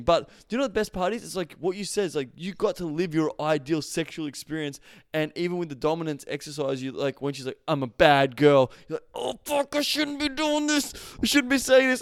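A man's voice: fairly high pitch, smooth, no room sound, studio quality. A man hosting a podcast, enthusiastic and encouraging toward his guest. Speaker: podcast host. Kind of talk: podcast interview.

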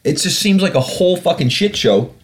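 A man's voice: high voice, expressive, a little fast. A man hosting a podcast, ranting animatedly and swearing freely in casual talk. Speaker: podcast host.

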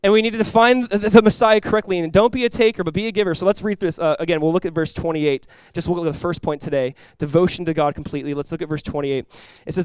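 Fast-talking, high-voiced young male pastor. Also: smooth, no room sound. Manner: energetic, chatty, peppered with "like", reads scripture aloud. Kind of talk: casual sermon.

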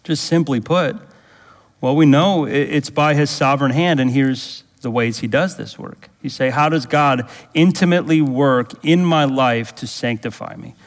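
A man's voice: moderate pace, big-room sound. A pastor preaching a sermon, emphatic, drawing answers from the congregation and rising to fervent intensity when he prays aloud. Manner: emphatic, asks the congregation to fill in words; rises to fervent, higher-pitched intensity in prayerful passages.

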